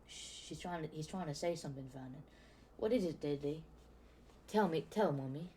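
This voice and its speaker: Dude doing a high shrill panicky mom voice, kinda dark tone, fussing over her kid. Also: moderate pace, a little hiss or hum, natural voice. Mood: frantic. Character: shrill anxious fussing mother, middle-aged woman.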